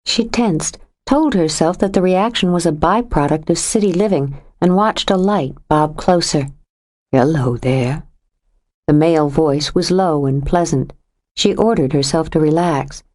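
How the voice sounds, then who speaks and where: A woman narrating a suspense audiobook in a steady, measured reading voice. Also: low voice. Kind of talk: scripted narration.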